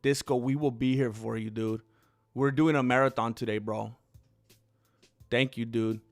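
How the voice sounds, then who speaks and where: A man hosting a casual livestream, chatting in a rambling, excitable way and calling viewers dude and bro. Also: mid-range voice, moderate pace, faint music behind. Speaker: streamer host.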